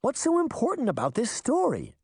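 A man voicing a bold young girl who speaks in a sharp, questioning way. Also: extremely high pitch, huge pitch swings, fairly quick, slightly rough, no echo, clean studio sound, pitched above the performer's own voice, heavily acted. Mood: impatient.

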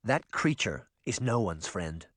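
A man's voice: fairly low pitch, lively intonation, fairly quick, fairly bright tone, clean tone, dry recording. A man voicing a stern grown woman warrior with a scar, speaking sternly in a storybook reading. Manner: stern, matter-of-fact.

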